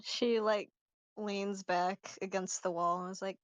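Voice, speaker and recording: A woman narrating her character casually in a roleplay session, relaxed and filler-heavy. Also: medium pitch, a little slow, no echo. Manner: relaxed, uses many fillers. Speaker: tabletop roleplay player.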